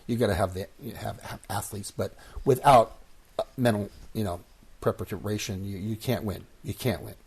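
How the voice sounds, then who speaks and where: A man in his sixties telling stories as an interview guest, animated and acting out the voices of people he quotes. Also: on the low side, moderate pace, breathy edge. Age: 60s. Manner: animated storyteller who acts out quoted voices. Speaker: guest, former baseball player. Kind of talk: casual storytelling interview.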